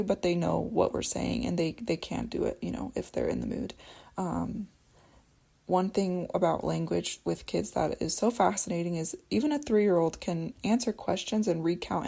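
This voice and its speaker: Woman speech therapist, casual explainer, strong fry in a dark, warm voice, loose and chatty. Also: lowish voice. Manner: chatty, loose, many fillers and restarts. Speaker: speech-language pathologist.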